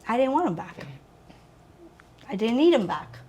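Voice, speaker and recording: A woman's voice: fairly high pitch, big pitch swings, moderate pace, warm tone, husky. A woman in her forties, a guest author, talking earnestly and with animation about faith and moving on in an interview. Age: 40s. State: teary, emotional. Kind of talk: faith-filled interview talk.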